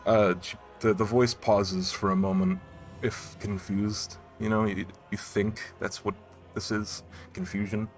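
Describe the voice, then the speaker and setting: A man running a tabletop game as game master, narrating scenes in an unhurried, descriptive way. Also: lowish voice. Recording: faint background music.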